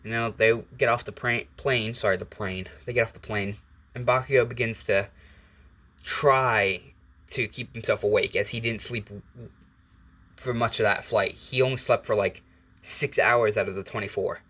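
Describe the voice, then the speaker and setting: A man's voice: fairly low pitch, steady tone, normal speed, sharp tone. A young man hosting his channel, telling a fan story in a chatty, rambling way with fillers and self-corrections. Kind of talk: casual fan-fiction storytelling.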